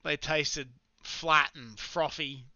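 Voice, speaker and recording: A man with an Australian accent hosting a live stream in casual, rambling chat, slangy and quick to laugh. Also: a little high, fairly even intonation, bright, forceful tone, no room sound, dull audio. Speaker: livestream trading host.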